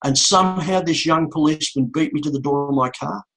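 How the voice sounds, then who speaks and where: Husky aussie guy, middle-aged, giving a heavy motivational talk, slow and repeating himself for effect. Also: on the high side, a bit bright, low-quality recording. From Australia. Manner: slow, repetitive storytelling with emphatic pauses. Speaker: motivational speaker. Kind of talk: emotional speech to an audience.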